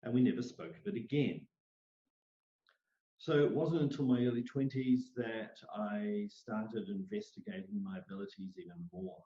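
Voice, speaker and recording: A middle-aged man, an interview guest, telling personal stories in an animated way and acting out the voices he quotes. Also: fairly low pitch. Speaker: interview guest, psychic medium. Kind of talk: storytelling in a conversational interview. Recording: roomy, dull lo-fi sound.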